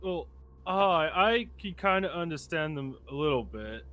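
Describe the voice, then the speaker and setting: A man playing a tabletop game, chatting in an animated, joking way. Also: on the high side, a little slow. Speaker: player. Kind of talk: casual tabletop game chat.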